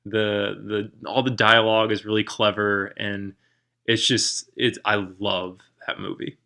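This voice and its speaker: A man's voice: lowish voice, flat delivery, measured pace, vocal fry, pushed and bright. A man co-hosting a podcast, chatting casually and with enthusiasm, rambling and full of fillers. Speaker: podcast co-host.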